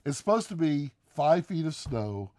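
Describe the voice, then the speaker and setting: A man co-hosting a live stream, chatting casually and quickly, laughing often as he answers questions. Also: fairly high pitch, very animated, darkish tone, no room sound. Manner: fast-talking, laughs often.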